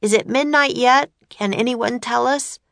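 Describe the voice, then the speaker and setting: A woman's voice: fairly high pitch, lively intonation, normal speed, gravelly, fairly bright tone, dry recording, clean studio sound, pitched above the performer's own voice. A woman voicing an anxious, earnest young boy in a storybook reading, calling out in worry. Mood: frustrated. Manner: urgent, worried exclamations. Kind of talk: audiobook character voice.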